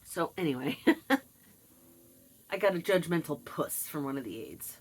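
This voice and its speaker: A middle-aged woman vlogs a casual monologue, sarcastically mocking others and doing voices for their quotes. Her voice is low with big pitch swings and a breathy edge, and she speaks slowly.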